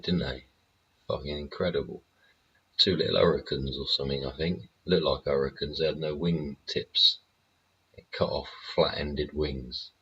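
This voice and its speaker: A man's voice: a bass voice, fairly bright tone, slight background noise. A man, hosting his own show, rambling casually with constant swearing and chuckles. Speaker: host. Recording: slightly dull lo-fi audio with faint ambience.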